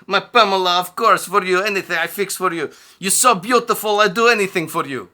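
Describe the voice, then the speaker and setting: A man's voice: high voice, fairly quick, pushed and bright, pitched above the performer's own voice. A man voicing a lovestruck immigrant man, an engineer stuck washing dishes, who speaks broken English eagerly. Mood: fawning.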